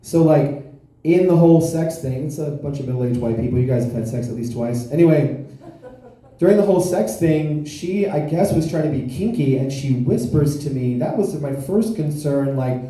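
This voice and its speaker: A man from South Florida performing a deadpan, self-deprecating stand-up comedy set on a club stage into a handheld mic. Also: on the high side, normal speed. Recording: echoey club room.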